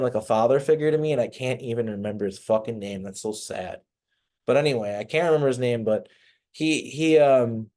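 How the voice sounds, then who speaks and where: A man's voice: mid-range voice, a little mellow. A man, a podcast guest, telling a personal story in a loose, casual way, swearing freely and filling with "like" and "um". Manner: loose and profane, many fillers and restarts.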